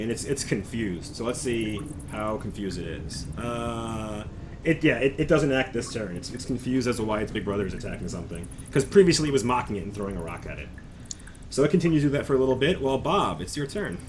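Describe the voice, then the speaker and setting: A man's voice: mid-range voice, animated, brisk. Guy game master narrating a tabletop session, chuckly and casual, hissy background noise. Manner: casual, chuckling, with frequent restarts.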